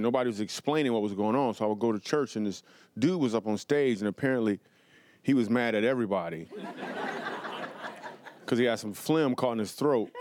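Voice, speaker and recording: A man doing stand-up comedy storytelling in a TV studio, animated and playful, with quick asides to the audience. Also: medium pitch, no echo. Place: television studio before a live audience.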